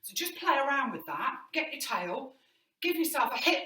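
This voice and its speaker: A woman's voice: high voice, sing-song, normal speed, bright, forceful tone. A woman drama teacher giving an online movement lesson indoors, encouraging and demonstrating as she explains. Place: indoor room. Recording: roomy, mic at a distance.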